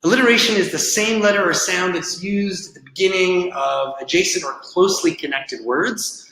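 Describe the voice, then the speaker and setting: A man's voice: sits high, moderate pace, bright, forceful tone. Echoey man coaching with many ums. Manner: conversational, filler-heavy, explaining with examples. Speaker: presentation coach. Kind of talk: online coaching seminar.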